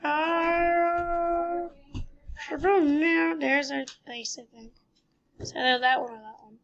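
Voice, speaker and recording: A woman's voice: sits high, unhurried, gravelly, fairly bright tone, dull audio. A woman giving silly, rambling gameplay commentary, full of sound effects and goofy asides.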